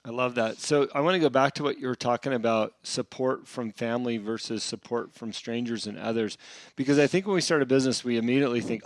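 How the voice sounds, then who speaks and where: A man's voice: mid-range voice, fairly quick, no echo. A man hosting a podcast, asking his guest friendly prompting questions in casual chat. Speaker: podcast host.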